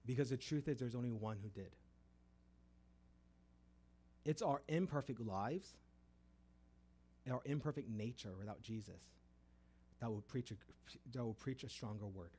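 An animated preacher, telling his testimony with lively storytelling. He acts out the voices in the dialogue he retells, with a voice of middling pitch. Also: moderate pace, breathy edge. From Texas. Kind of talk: testimony sermon.

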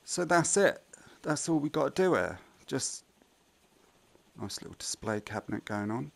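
A man's voice: mid-range voice, very animated, moderate pace, vocal fry. A man giving casual, chatty gameplay commentary; he swears freely and often mutters to himself. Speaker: gaming commentator.

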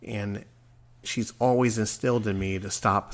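A man's voice: on the low side, steady tone, a little slow. A man in his forties hosting a solo podcast, earnest and rambling, sometimes stumbling over his words. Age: 40s. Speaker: podcast host. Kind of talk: reflective solo podcast monologue.

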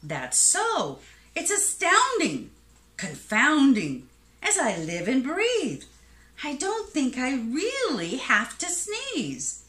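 A woman voicing a big, sorry male elephant in a storybook read-aloud, pleading and excitable. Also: high voice, slow, voice pushed up, exaggerated voice. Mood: amazed. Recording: echoey room.

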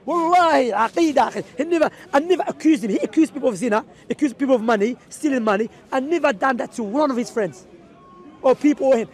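High-voiced man arguing a point outdoors. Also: lively intonation, fast. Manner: emphatic, argumentative, mixing in religious Arabic phrases. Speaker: street preacher. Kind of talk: impromptu outdoor debate. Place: outdoors in a city park.

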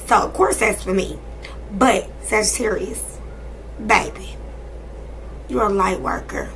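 Woman in her thirties, tarot reader, very gravelly voice, bright tone, blunt and profane, sassy casual chat. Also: medium pitch, measured pace, long pauses, slight background noise. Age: 30s. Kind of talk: casual spiritual reading for viewers.

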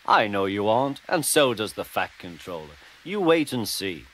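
A man doing a calm, kindly engine. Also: fairly low pitch, moderate pace, noisy background. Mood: reassuring.

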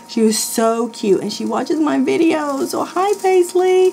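A woman's voice: fairly high pitch, a little mellow, slight background noise. A woman who did not grow up speaking English hosts a casual product review vlog, talking straight to her viewers. Her delivery is blunt and full of laughter, and she swears freely as she tries out a kitchen gadget at home. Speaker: host of a product review channel. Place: indoors at home, in her office.

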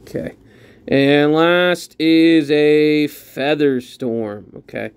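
A man giving casual commentary while opening trading card packs, chatty and excitable, thinking aloud as he sorts his pulls. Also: on the high side, extremely slow, smooth.

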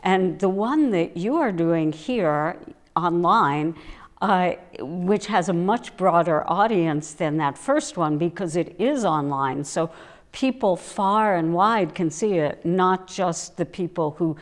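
Low-voiced woman art historian. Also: expressive, slow. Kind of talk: recorded academic conversation.

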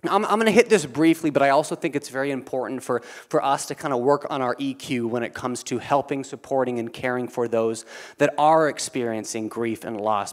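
A man preaching a sermon, earnest, often repeating words as he restarts, dropping quiet and then building to emphatic peaks. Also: medium pitch. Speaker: pastor.

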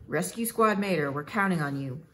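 A woman's voice: on the low side, expressive, a little fast, a bit bright, a little hiss or hum. A woman voicing a formal emergency dispatcher in a storybook reading, clipped and official. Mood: urgent.

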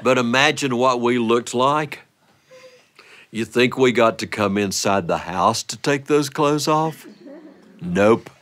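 A man performing a playful family story for listeners, animated and often breaking into laughter. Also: medium pitch, slow.

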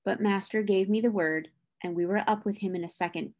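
A woman's voice: medium pitch, brisk, darkish tone. Woman reading a classic novel aloud. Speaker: reader.

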